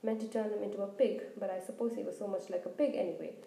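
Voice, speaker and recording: A woman reading aloud voices a huge, kindly gamekeeper who blusters in a thick rustic dialect. His words come out loud, and the tone stays mellow. The reading carries a roomy echo. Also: medium pitch, steady tone, fast talker, vocal fry, natural voice. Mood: rueful. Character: huge gruff kindly male half-giant gamekeeper.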